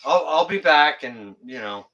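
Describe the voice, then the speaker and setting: A man from Canada hosts a loose, joking livestream, talking to his chat with plenty of fillers. His voice is bright and lively, swinging up and down in pitch while he takes his time between thoughts. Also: unhurried, highs cut off. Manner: rambling and joking with frequent fillers. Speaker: livestream host reading chat.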